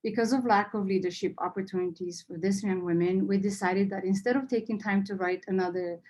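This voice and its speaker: A woman's voice: mid-range voice, steady tone, a little fast, a little mellow, poor audio. A woman leading a nonprofit, giving an earnest, heartfelt annual meeting speech and fighting back tears. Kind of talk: emotional speech to members.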